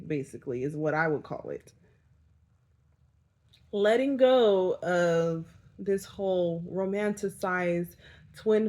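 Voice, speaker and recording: A woman's voice: fairly low pitch, a little mellow. A young woman giving a casual spiritual energy update, talking candidly and rambling, with frequent swearing and self-directed laughter. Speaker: spiritual vlogger.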